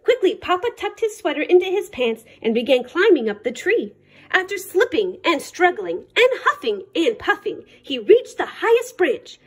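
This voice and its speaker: A woman reading a picture book aloud to children for a library storytime, with an expressive delivery. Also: extremely high pitch, moderate pace.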